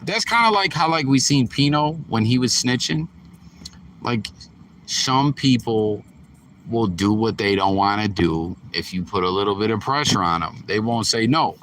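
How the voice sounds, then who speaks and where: Host, male, low and bright, casual profane reaction talk. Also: moderate pace, slight background noise. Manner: profane, rambling, talks straight to viewers.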